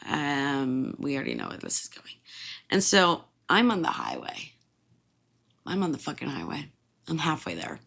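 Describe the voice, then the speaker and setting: A woman in her twenties, a podcast host from Illinois, telling a story in a casual, animated way, laughing and swearing freely. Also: low voice, moderate pace, gravelly.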